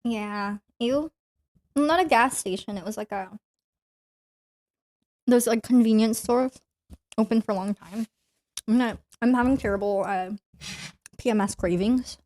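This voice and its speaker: A woman's voice: fairly high pitch, unhurried, long pauses, darkish tone. Giggly young woman streamer. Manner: giggly, rambling, lots of "like". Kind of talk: casual livestream chat.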